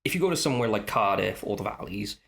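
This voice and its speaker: A man with a Swansea Welsh accent chatting casually on a podcast, animated and acting out the voices of people he quotes. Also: lowish voice, quick pace, creaky, slight background noise. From Wales. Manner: animated storyteller who acts out quoted voices.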